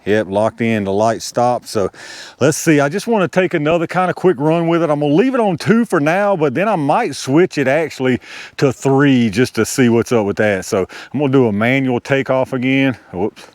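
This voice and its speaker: A man hosting an RC hobby video talks viewers through his model helicopter flight in a small outdoor space, chuckling whenever he panics. His mid-range voice is animated and a little mellow, at normal speed, with no room sound.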